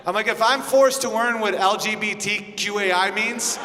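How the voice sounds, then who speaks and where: A man performing a crude, animated stand-up set in a comedy club and trading remarks with the crowd. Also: high-pitched, moderate pace. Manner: brash, crude, animated storytelling. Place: comedy club stage before a live audience. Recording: live club recording with hall reverb and crowd noise.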